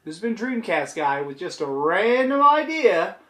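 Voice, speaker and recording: A man's voice: sits high, very animated, moderate pace, fairly bright tone. Sarcastic vlogger man in echoey room. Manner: sarcastic, swears casually. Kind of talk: casual sarcastic commentary.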